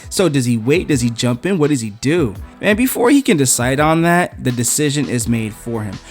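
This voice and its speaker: A man's voice: medium pitch, animated, normal speed, soft background music. A man casually recapping a comic book story, joking as he goes.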